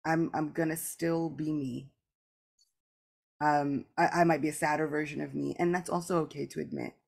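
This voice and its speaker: A woman's voice: low voice, steady tone, moderate pace, creaky. A woman hosting a spiritual podcast, talking in an earnest, reflective way with lots of casual "like" asides, and often acting out both sides of remembered conversations. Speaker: podcast host. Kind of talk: candid spiritual podcast talk.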